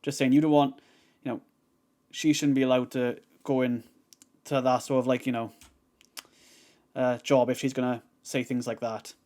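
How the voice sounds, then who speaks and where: A man's voice: mid-range voice, flat delivery, moderate pace, long pauses, a little mellow. A man hosting a reaction video, talking in a rambling, exasperated way with lots of fillers. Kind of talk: casual commentary.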